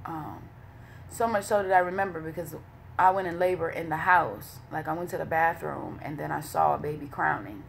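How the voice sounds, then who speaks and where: A woman's voice: low-pitched, normal speed, creaky, a little hiss or hum. A woman talking casually as a vlogger. She speaks candidly and emotionally, swears freely and uses many fillers. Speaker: vlogger leading a women's wellness study. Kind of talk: casual spoken commentary.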